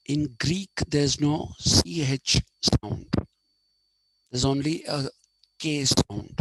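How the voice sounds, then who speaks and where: A man's voice: mid-range voice, vocal fry, dry recording, rough recording. A man lecturing a class, explaining points step by step and repeating them with frequent "okay"s.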